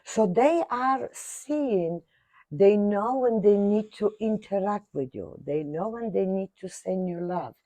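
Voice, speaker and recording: An older woman telling a personal story in animated fashion, acting out other people's voices, with non-native grammar. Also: medium pitch, slow pace, no room sound. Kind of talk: animated anecdote.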